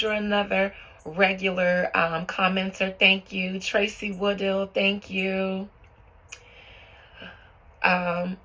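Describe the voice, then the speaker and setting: A young woman hosts a tarot and astrology channel, chatting with her viewers like friends and greeting them one by one. Her voice is bright and forward, with a gravelly fry running through it. She takes her time, talking slowly and easily. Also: medium pitch. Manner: chatty, affectionate, calls viewers boo and y'all. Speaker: tarot reader and channel host. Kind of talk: casual chat to viewers, reading out comments.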